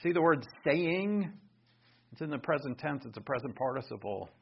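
Animated, husky-voiced male Bible teacher. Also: a little high, moderate pace, highs cut off. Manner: emphatic, animated, thinks aloud with restarts.

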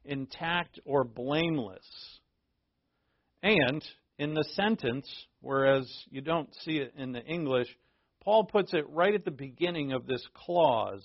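Conversational male Bible teacher, slightly high. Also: measured pace, no room sound, highs cut off. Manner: conversational and digressive, with frequent restarts; explains terms plainly for listeners.

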